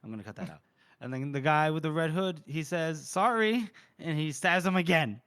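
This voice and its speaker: A young man on a podcast recaps a book chapter in a relaxed, rambling way. His voice sits a bit high and sounds clean and smooth, and he drops into short quoted lines with a laugh here and there. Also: brisk. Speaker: podcast co-host.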